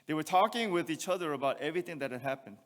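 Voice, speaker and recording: Male pastor, expository sermon, slightly high voice, long church reverb. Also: expressive, rapid-fire, a bit bright. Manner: expository preaching with rhetorical questions and scripture reading. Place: church sanctuary.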